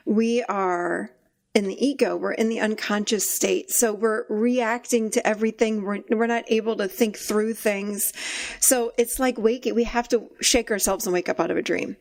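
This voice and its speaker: A middle-aged woman hosting a podcast, telling stories in a lively way and laughing often, in a casual conversation. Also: medium pitch, moderate pace, creaky. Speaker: podcast host and therapist.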